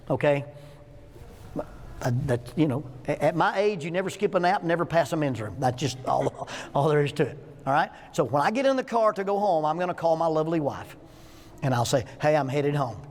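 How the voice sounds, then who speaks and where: A man in his sixties teaching a church lesson, folksy and full of jokes, often asking his listeners questions. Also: on the high side. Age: 60s. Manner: folksy, joking storyteller asking the audience questions. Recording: hall with long echo.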